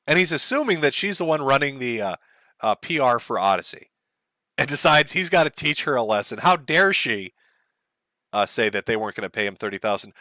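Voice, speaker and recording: A man's voice: mid-range voice, big pitch swings, fairly quick, pushed and bright, no room sound, clean studio sound. A man hosting an online commentary stream, sarcastic and mocking, often laughing. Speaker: commentary host.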